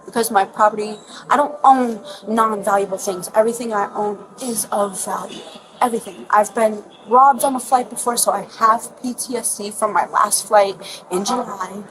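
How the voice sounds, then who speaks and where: A woman's voice: medium pitch, normal speed. A young woman agitatedly retelling events to police at an airport gate, rambling and repeating herself, filling her talk with "like", captured on a police bodycam. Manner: rambling, repetitive, heated, says "like" a lot. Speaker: passenger giving her account to police. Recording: bodycam audio with loud airport noise.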